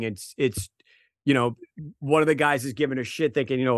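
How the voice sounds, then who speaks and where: Man, Boston accent, podcast host, chatty, profane, dry, mid pitch. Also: expressive, a little fast, no echo. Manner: chatty, profane, repeats words. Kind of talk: casual book discussion. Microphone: online call.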